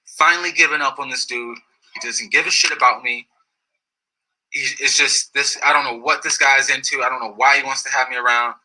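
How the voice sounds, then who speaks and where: A man's voice: medium pitch, a little fast, low-quality recording. A man casually telling a story in slangy speech, often restarting and repeating phrases. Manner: slangy, repetitive, restarts phrases, animated retelling. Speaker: storyteller recounting his experience.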